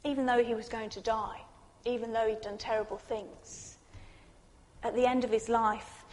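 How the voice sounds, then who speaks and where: A woman preaching a sermon, building to intense peaks and sinking to quiet, reflective passages. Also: on the high side. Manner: dramatic, rising to intense peaks then dropping quiet. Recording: long reverb in a large hall.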